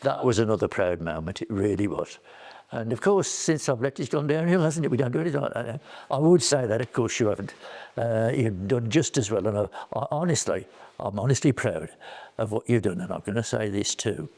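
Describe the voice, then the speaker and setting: A man's voice: medium pitch, expressive, brisk, a little mellow. An older man, a former college staff member reminiscing in an interview and telling chatty anecdotes.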